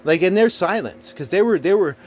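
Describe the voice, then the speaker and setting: Speaking briskly in a high voice with a darkish tone and lively intonation, a man recounts something he went through, with slight background noise. The monologue is casual and rambling, peppered with swearing, fillers, and restarts.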